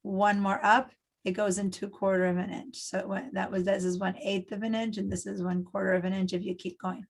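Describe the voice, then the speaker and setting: A woman's voice: mid-range voice, level tone, brisk, vocal fry, low-quality recording. A middle-aged woman from Argentina, teaching a design class over a video call in a chatty, step-by-step way with lots of fillers. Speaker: design instructor. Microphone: computer mic on a video call.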